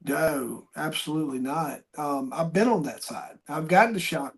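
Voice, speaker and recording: A middle-aged man hosting a podcast, telling stories in an animated way, acting out quotes with bursts of loud speech and frequent restarts. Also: a little high, moderate pace, gravelly. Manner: animated storyteller, acts out quotes loudly, many restarts. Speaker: podcast host. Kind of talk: conversational interview, storytelling.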